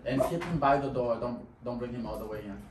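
A man's voice: medium pitch, fast talker. A man working as a dog trainer, explaining to the owners while he trains, talking in short bursts that break off into commands to the dog. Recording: echoey room, distant mic, noisy background.

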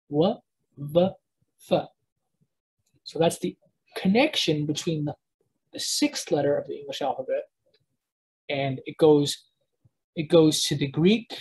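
Unhurried, breathy-voiced online tutor, halting and explanatory. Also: mid-range voice, a little mellow. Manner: explanatory, halting, with frequent restarts and checks. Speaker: language teacher. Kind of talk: live online lesson with screen sharing.

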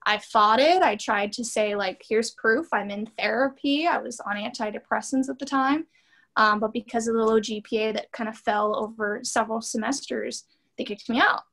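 A woman in her thirties, a doctoral student and therapist, speaking as an interview guest in an earnest, animated way with plenty of fillers. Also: a little high, normal speed, gravelly. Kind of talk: candid conversational interview.

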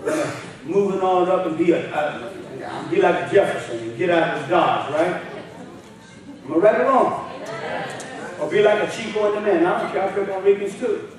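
A man preaching a revival sermon in street slang, often shouting his points. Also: sits high, moderate pace. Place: church sanctuary. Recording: echoey hall, distant mic.

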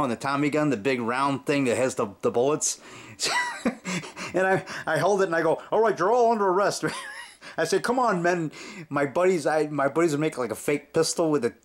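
A filmmaker rambling in a casual home vlog, chuckling and acting out memories. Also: male voice, fairly high pitch. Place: house basement.

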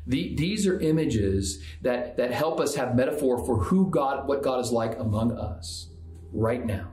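A man's voice: medium pitch, animated, a little slow, darkish tone. Pastor guy preaching casually, keeps restarting his words, roomy echo around him. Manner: conversational, restarts and repeats words. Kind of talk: sermon. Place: church.

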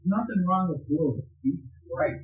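Guy cutting in with cussing, raspy voice, tinny phone sound. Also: sits high, expressive, a little slow. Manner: blunt, profane interjections. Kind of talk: casual livestream chat.

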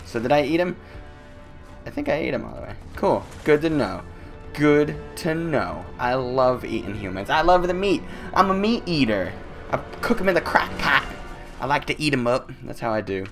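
A young man doing loud, joking let's-play commentary, his voice swinging high and low as he plays. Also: sing-song, brisk, gravelly, faint music behind. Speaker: gaming YouTuber.

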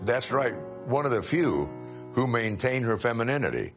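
Man, interviewee, reminiscing, lowish voice, guitar music behind. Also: very animated, normal speed.

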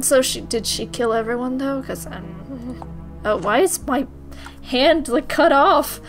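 A woman's voice: high voice, a little slow, faint music behind. A young woman commenting while playing a horror game, giggly and joking. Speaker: gaming channel host. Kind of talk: let's play commentary.

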